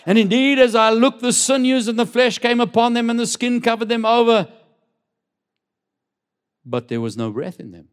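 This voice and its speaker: A pastor with an extremely high-pitched voice, lively intonation and a clear, resonant tone preaches a sermon in church. He reads scripture aloud and urges the congregation to answer him, using call-and-response and dramatic slow emphasis.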